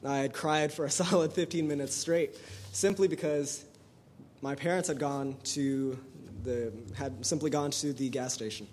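A young man in a church group reading a Bible verse and a discussion question, earnest and a bit halting. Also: a little high, steady tone, a little mellow, slight background noise. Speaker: scripture reader.

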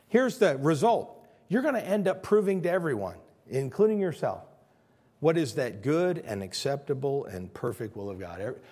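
Male pastor, dramatic sermon delivery, animated pitch, repeats himself for emphasis. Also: slightly rough. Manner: swings from near-shouting to hushed, acts out prayers; repeats phrases for emphasis, stumbles and restarts.

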